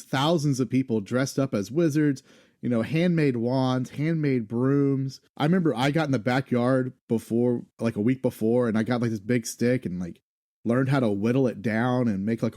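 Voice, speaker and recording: A man's voice: medium pitch, warm tone, dry recording, studio quality. A man who is a guest on a podcast, telling stories with eagerness in casual chat. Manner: enthusiastic storyteller.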